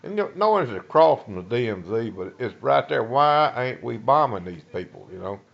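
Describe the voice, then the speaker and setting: An older man from Texas with a Texan accent, a veteran telling a personal war story in a folksy, halting way, full of uh's and restarts. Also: mid-range voice, sing-song, creaky, lo-fi sound. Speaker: Vietnam veteran.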